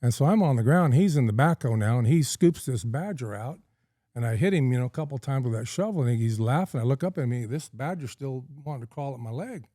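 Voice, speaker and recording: A man's voice: medium pitch, expressive, a little fast, dark tone, dry recording, studio quality. A middle-aged man from California, a podcast guest telling a long story in a folksy, rambling way with plenty of ums and uhs. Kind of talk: casual storytelling in a podcast interview.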